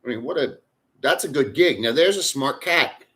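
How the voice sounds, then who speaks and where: A middle-aged man talks loosely to his live chat from his home in the Philippines. His voice is bright and forceful, and he rambles bluntly with plenty of swearing. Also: medium pitch, lively intonation, normal speed. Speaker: livestream host. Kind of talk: casual live chat with viewers.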